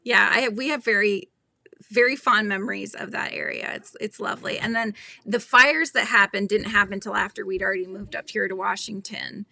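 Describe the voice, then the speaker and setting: A chatty woman with a Californian accent hosts a relaxed livestream, reading comments and laughing as she goes. Her voice is bright and a little gravelly, and she often trails off mid-sentence. The sound is dry and close. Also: mid-range voice, a little fast, no echo. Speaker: crochet livestream host. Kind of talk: casual chat reading viewer comments.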